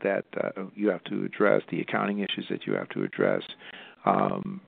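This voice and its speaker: A low, gravelly man speaking over a thin, tinny phone line. He talks haltingly, with lots of restarts and fillers, as he explains his organization's work. The sound is dry and close, with no room around it. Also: very animated, no room sound. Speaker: nonprofit representative.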